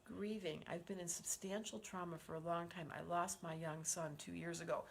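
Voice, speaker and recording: A woman's voice: lowish voice, fairly even intonation, normal speed, creaky, a little hiss or hum. A woman in her sixties hosting a live stream as an astrologer. She is effusive and encouraging, reads viewer comments aloud and leads group breathing. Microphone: livestream setup.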